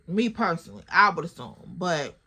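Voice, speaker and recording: A young woman with a Chicago accent telling a story in a chatty, animated way to her viewers. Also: fairly low pitch, normal speed, husky. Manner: animated, chatty, addresses the listener as girl. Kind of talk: casual storytime vlog.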